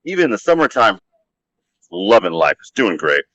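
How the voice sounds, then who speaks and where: A man's voice: fairly low pitch, sing-song, normal speed, fairly bright tone, no echo. Man, vlog host, casual garden walk-around, rambling, easygoing, outdoors, dull dry recording.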